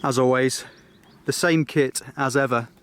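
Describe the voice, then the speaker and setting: A man chatting casually to camera on a cliff top, relaxed and enthusiastic. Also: mid-range voice, a little slow, clear, resonant tone. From England. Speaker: outdoor vlogger. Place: cliff top outdoors at evening. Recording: noisy outdoor camera audio.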